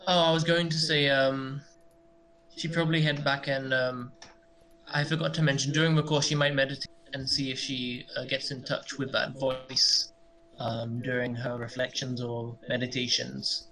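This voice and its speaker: A man's voice: mid-range voice, little pitch movement, moderate pace, pushed and bright, poor audio. A man playing in a tabletop game, talking casually and hesitantly with many fillers. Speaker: player.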